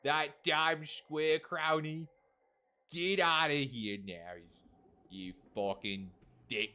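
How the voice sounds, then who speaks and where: A man's voice: on the high side, very slow, clear, resonant tone, voice pushed up. A man voicing a rude, toothy male mouth creature in a video game, trading crude insults in a wobbly put-on British accent. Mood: shouting. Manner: shouting, hostile, crude insults.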